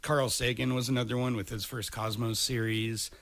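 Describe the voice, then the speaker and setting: Podcast co-host, male, mid-pitched voice, dry close mic, blunt and profane. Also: flat delivery, normal speed, a bit bright, no room sound. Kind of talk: casual chat. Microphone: studio microphone.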